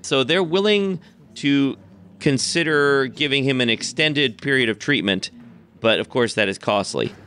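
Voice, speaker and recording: A man's voice: medium pitch, measured pace, pushed and bright, slight background noise. A man narrating a tabletop role-playing game as game master, telling the story steadily and chuckling often.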